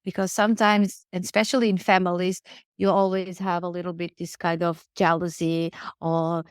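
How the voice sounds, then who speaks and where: Earnest woman, low voice. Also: level tone, normal speed, smooth, no room sound, clean studio sound. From Portugal. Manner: earnest, repeats words while searching for phrasing. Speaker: guest, riding instructor. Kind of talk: casual interview conversation.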